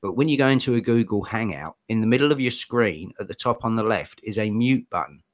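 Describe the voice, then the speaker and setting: A man speaking as a guest on a casual livestream, easygoing and soft-spoken, patiently explaining things. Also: on the low side, expressive, a little fast, dry recording.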